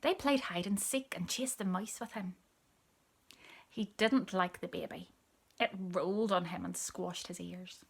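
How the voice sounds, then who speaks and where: A woman reading a picture book aloud, telling the story softly, often in a whisper, and pointing out the pictures. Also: fairly low pitch, a little slow, gravelly, breathy edge. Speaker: storybook reader.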